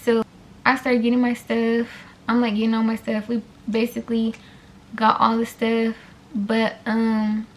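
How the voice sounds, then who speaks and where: A young woman casually telling a story on her vlog, animated and blunt with plenty of swearing. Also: fairly high pitch. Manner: animated, blunt, heavy profanity.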